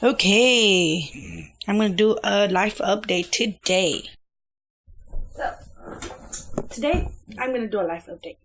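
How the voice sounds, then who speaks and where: A woman's voice: medium pitch, slow pace, vocal fry, pauses often, background noise. A young woman, a mother, chatting casually through a home vlog update in her kitchen, rambling with lots of fillers and restarts.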